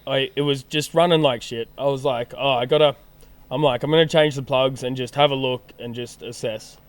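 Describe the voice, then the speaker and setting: A man's voice: medium pitch, a little fast. A young Australian man on a podcast, telling a story with lots of swearing and acted-out dialogue. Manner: animated storyteller, swears freely, acts out dialogue. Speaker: podcast guest. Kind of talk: casual chat, storytelling.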